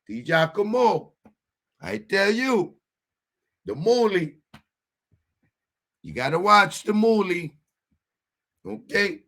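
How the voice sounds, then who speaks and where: A man's voice: high-pitched, expressive, slow pace, gravelly, long pauses, fairly bright tone, pitched above the performer's own voice, exaggerated voice. A man voicing a scheming Italian-American mafia man with conspiratorial, wheedling mob-boss talk.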